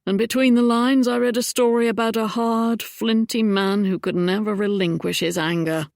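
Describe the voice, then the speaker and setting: A woman's voice: medium pitch, fairly even intonation, normal speed, creaky, a little mellow, no room sound, clean studio sound, pitched above the performer's own voice, lightly acted. A woman voicing a charming, roguish young Regency duke in an audiobook, speaking wryly and then earnestly.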